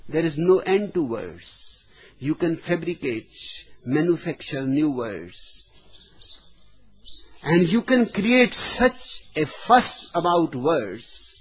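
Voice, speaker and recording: A man delivers a spiritual discourse in an unhurried, measured way, setting out each phrase on its own with long pauses between. His voice sits a little high and has a husky grain. The recording is dull and lo-fi. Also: very animated. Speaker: spiritual teacher.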